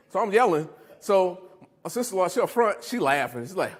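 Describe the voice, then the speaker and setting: A middle-aged man speaking as a recovery speaker, giving a motivational talk to a live audience, telling stories in an animated way, laughing and quizzing his listeners. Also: high voice, a little fast.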